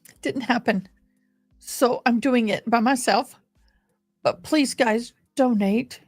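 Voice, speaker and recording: Chatty woman streamer, high voice. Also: slow pace, darkish tone, faint music behind. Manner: chatty, affectionate, gushing over details. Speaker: live streamer hosting a fundraiser. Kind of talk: casual live-stream game commentary.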